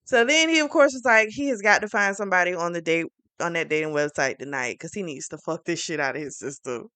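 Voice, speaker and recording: A woman's voice: on the low side, fast talker, no room sound. Chatty woman retelling a book. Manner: chatty, animated storytelling with fillers. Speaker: book reviewer. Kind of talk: casual book review retelling.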